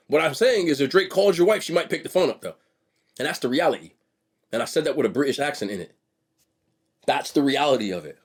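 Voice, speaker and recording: A young man, a vlogger, giving animated casual commentary straight to his viewers with a husky voice. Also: medium pitch. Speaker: mukbang vlogger.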